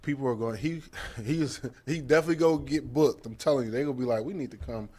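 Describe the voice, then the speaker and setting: Male talk show co-host, mid-pitched voice, laid-back, joking manner. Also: fast, a little mellow. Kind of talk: casual chat.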